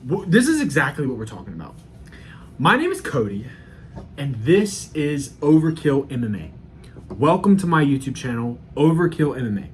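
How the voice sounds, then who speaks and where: A man's voice: medium pitch, a little hiss or hum, rough recording. Rambling young man vlogging casually. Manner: rambling, self-deprecating, swears casually. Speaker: channel host. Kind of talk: casual solo vlog commentary.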